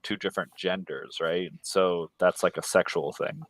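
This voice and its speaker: Deep-voiced blunt man chatting casually. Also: fairly even intonation, normal speed, fairly bright tone, no room sound. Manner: blunt, profane, mocking voices when quoting. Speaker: co-host. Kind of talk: casual livestream chat.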